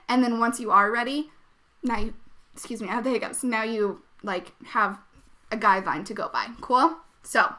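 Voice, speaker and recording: A young woman hosting a live webinar over a computer mic, with a bright, forceful voice pitched a little high. She talks in a bubbly, chatty way, laughing often and leaning on fillers as she coaches. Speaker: web design coach.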